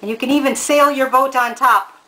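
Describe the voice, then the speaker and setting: A woman's voice: high-pitched, steady tone, a little fast, sharp tone, poor audio. A woman giving a casual cooking demonstration in a home kitchen, chatty and homey, talking straight to the viewer. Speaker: home cook presenting a recipe.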